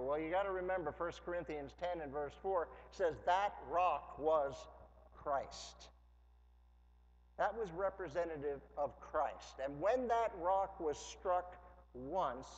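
A pastor, a man, delivering a sermon in a slow and deliberate way, his voice sitting a bit high for a man. He mixes easy, humorous asides with emphatic preaching. The recording is dull and lo-fi, with a long reverb from the church hall. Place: church sanctuary.

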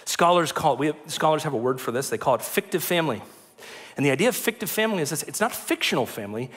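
Explaining scripture in a church sanctuary, a man with a slightly high voice preaches at a quick pace, joking and chatting as he goes. The large church hall gives the recording a long reverb.

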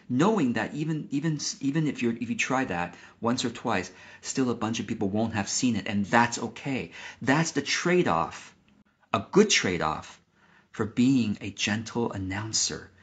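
A man talking to the camera as a business coach, in a calm, gentle way with frequent restarts. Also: medium pitch, moderate pace. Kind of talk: casual talk to camera.

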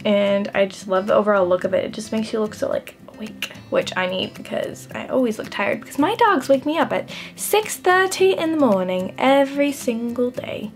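A woman's voice: mid-range voice, animated, a little fast, hardly any pauses, soft background music. A young adult woman chatting through a makeup routine, self-deprecating and filling her talk with "like". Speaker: beauty vlogger. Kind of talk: casual makeup tutorial chat.

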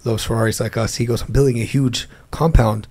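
Man, gravelly voice, fairly flat pitch; a guest telling stories in a laid-back interview. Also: a little fast. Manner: animated storyteller acting out phone calls. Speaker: interview guest, car dealer. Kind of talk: storytelling in a casual interview.

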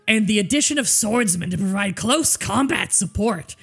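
A woman's voice: medium pitch, lively intonation, moderate pace, creaky, breathy edge. Woman doing a villainous goblin voice. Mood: mock-villainous. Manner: mock-dramatic reading. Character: villainous goblin reading game text.

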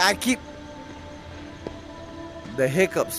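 A man's voice: on the high side, very animated, slow pace, pauses often, music in the background. A drunk man with the hiccups, cursing and muttering to himself while playing a VR game. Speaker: gamer. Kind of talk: profane gameplay commentary.

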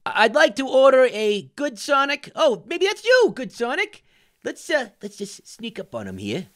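A man's voice: very high-pitched, wildly swooping pitch, moderate pace, full character voice. A man voicing a jittery, wisecracking talking orange who hosts cartoon game commentary, yelping and joking as he plays. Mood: scared. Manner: jumpy, yelps and shouts when startled, jokey asides. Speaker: gaming host. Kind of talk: cartoon let's-play commentary.

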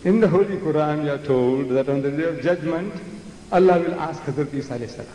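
A forceful, theatrical lecturer in his seventies with a high voice, addressing a crowd in a large hall. The sound is roomy, with a long echo and a faint hiss underneath. He drives his points home and mimics others with scorn. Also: fast talker. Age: 70s. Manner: forceful, theatrical, with mocking imitations. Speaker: Islamic lecturer. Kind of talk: public religious lecture. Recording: echoey hall with faint noise.

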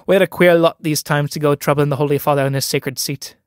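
Man doing a scornful young village girl, mocking, impatient, raised pitch, dry close sound. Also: steady tone, fairly quick, smooth, no echo, natural voice. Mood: teasing. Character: spirited young Irish country girl, scornful and teasing. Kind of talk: dramatic play reading.

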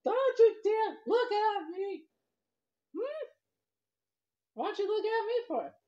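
Lady putting on a squeaky mad little fish guy, yelling and bossy, kinda muffled recording. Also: lively intonation, slow, exaggerated voice. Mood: angry shouting. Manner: shrill, yelling and scolding. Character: angry shouting male fish, small and bossy. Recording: dull lo-fi recording.

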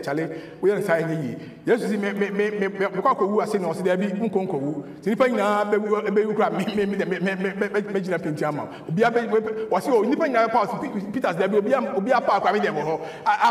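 Animated Ghanaian pastor preaching in an echoey hall. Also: male voice, high voice. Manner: switches between English and Twi, animated preaching with repeated words. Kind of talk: sermon. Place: church hall.

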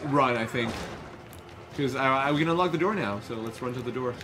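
A man's voice: mid-range voice, fairly quick. A man playing a video game with a friend, chatting casually, joking and calling out moves. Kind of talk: casual gameplay chat.

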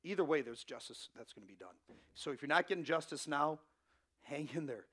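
A man's voice: fairly high pitch, animated, fairly quick, fairly bright tone. A man in his thirties preaching a sermon as pastor, in a conversational way with frequent asides to the room. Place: church.

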